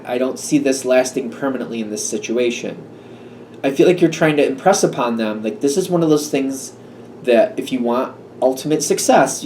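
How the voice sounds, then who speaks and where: A man's voice: mid-range voice, a little mellow. Guy doing a chill tarot reading, kinda hesitant, lots of ums and restarts, faint background hum. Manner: musing, hesitant, full of fillers and restarts. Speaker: tarot reader. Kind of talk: casual tarot reading monologue. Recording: slightly distant mic with faint room noise.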